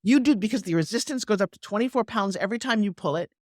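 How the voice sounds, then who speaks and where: A middle-aged woman, a sales coach, talking energetically in an interview and slipping into persuasive pitching, with acted-out quotes. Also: expressive, fast, darkish tone, dry recording, clean studio sound. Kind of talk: energetic interview talk with live product pitch.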